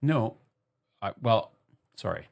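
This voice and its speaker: A woman with an unusually deep voice co-hosts a podcast, chatting casually. She talks bluntly, laughs easily and likes to set things straight. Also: lively intonation, slow, creaky, darkish tone. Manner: blunt, laughs often, clarifying. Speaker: podcast co-host. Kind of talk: casual chat.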